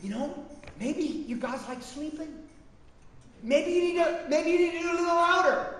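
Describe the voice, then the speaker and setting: A preacher doing a sarcastic old prophet. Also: male voice, high voice, animated, fast talker, a little mellow, pitched below the performer's own voice. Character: sarcastic, bold male prophet. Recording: echoey hall, distant mic, faint noise.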